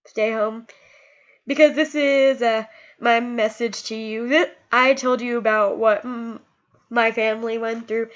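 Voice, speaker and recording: Upset young woman scolding, lo-fi. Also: fairly high pitch. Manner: impassioned, scolding, repeats words. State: emotional, upset. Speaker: vlogger. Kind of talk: emotional personal vlog.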